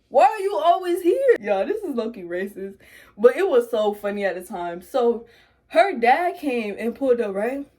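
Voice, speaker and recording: A young woman, casually telling a storytime and animatedly acting out quotes. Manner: animated, acts out quotes in a high voice. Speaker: vlogger.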